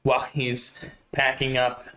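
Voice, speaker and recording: A man retells a novel in his own relaxed, chatty way, adding asides as he goes. His voice sits at a middle pitch. The room is noticeably echoey. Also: measured pace, slight background noise. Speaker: reader and narrator.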